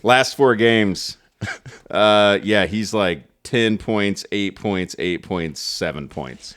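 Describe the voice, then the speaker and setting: A man's voice: lowish voice, slow, a bit bright, clear, resonant tone, no room sound, studio quality. A man co-hosting a casual fantasy football podcast, laid-back and chatty. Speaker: podcast co-host.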